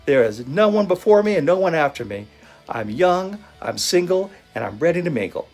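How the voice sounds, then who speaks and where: A man's voice: fairly high pitch, sing-song, moderate pace, a little mellow, faint music behind, voice pushed up. A man voicing an eager, persistent young man who keeps politely asking for a job. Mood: showy DJ patter. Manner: polite, upbeat, keen.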